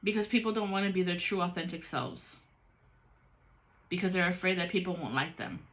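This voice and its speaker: Brief: woman, tarot reader, crisp and forceful tone, cusses freely, talks right at the viewer. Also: lowish voice, expressive, fairly quick. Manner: blunt and profane. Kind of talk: casual spiritual card reading.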